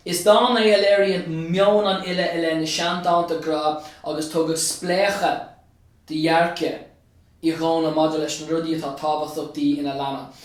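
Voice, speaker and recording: An Irish man whose voice sits on the high side is recorded from a distance, sounding very echoey. As a teacher and state examiner, he runs an exam revision tutorial, leading students through an answer step by step, code-switching between Irish and English and repeating key phrases.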